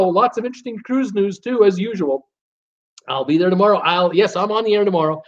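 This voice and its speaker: A man's voice: sits high, fast talker, lo-fi sound. A man hosting a live-stream show, chatting casually and reading viewer comments aloud with lots of fillers. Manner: chatty, rambling, reads chat messages aloud with many fillers. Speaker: host of a live cruise show.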